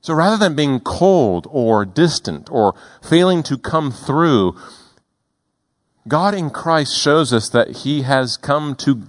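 Deliberate man preaching a sermon. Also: fairly high pitch, lively intonation. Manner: deliberate, emphatic, slows for key words. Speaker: pastor.

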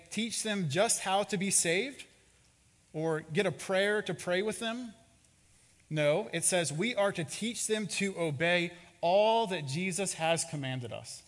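A man who is a pastor, preaching a sermon with expressive, dramatic storytelling in a church sanctuary. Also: a little high. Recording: reverberant hall.

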